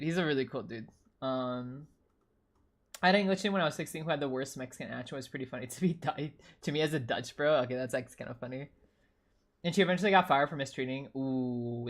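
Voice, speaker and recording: A young woman chatting casually on a stream, telling stories in slangy, animated talk with plenty of swearing and filler words. Her voice sits a little low for a woman. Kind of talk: casual chat with viewers.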